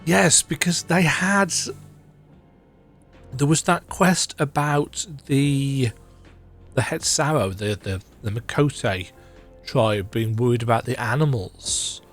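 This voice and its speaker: A man with a croaky voice giving casual, rambling commentary while playing a story game, often repeating words as he thinks. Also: mid-range voice, slow pace, faint music behind. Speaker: video game reaction host. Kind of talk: casual reaction commentary, reading game dialogue aloud.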